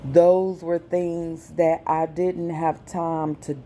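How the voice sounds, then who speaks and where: A woman vlogger, speaking slowly and with feeling in a personal message to her viewers. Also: low-pitched, level tone, warm tone. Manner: slow, deliberate, emotional.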